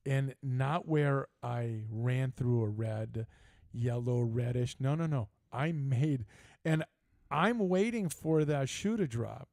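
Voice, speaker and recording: An older man hosting a live sports talk show, telling stories in a casual, animated way. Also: medium pitch, gravelly, dry recording, clean studio sound. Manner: storytelling, animated, laughing asides. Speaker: host. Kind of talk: casual chat.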